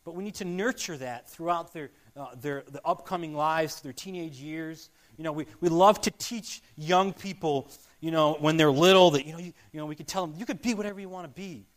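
A man preaching a sermon as a pastor, earnest and repetitive, swinging between loud emphasis and quiet asides. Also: on the high side, moderate pace. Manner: earnest, repetitive, rising and falling loudness.

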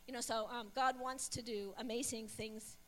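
Pastor's wife telling her testimony, high voice, brings the story to life acting out the quotes. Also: normal speed, a little hiss or hum. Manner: animated storytelling with acted quotes. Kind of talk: testimony sharing.

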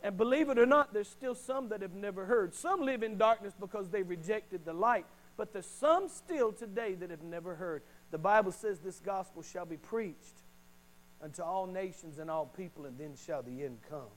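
A man preaching a sermon as pastor, slowing down to punch key phrases and calling for an amen from the congregation. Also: high voice, low-quality recording. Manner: emphatic preaching with slowed, punched phrases and call-and-response.

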